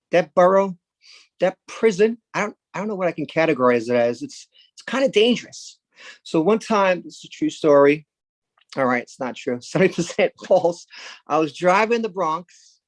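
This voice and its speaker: A man from Brooklyn, doing a rambling, deadpan stand-up set. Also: high voice, normal speed, dry recording. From Brooklyn, New York. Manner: rambling, deadpan, with sudden loud jumps into put-on voices. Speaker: stand-up comedian.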